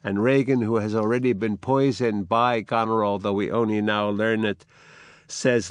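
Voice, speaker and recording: An older man giving a literature lecture, telling the scene slowly and dramatically and reading out the quotes. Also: fairly low pitch, fairly even intonation, no echo, clean studio sound. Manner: slow, dramatic storytelling with acted quotes.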